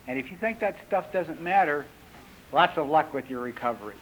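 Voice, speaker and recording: High-voiced man telling a recovery story. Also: brisk. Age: 50s. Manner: lively storyteller who acts out characters in raised voices. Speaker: recovery meeting speaker. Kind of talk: personal recovery talk with storytelling. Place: retreat meeting hall. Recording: dull lo-fi 1980s tape recording with faint hiss.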